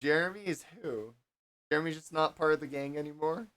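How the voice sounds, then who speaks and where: A man's voice: a little high, a little fast, no room sound. A man hosting a livestream, chatting casually and animatedly retelling a story in funny voices. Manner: animated storytelling, acting out characters. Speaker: livestream host. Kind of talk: casual group chat.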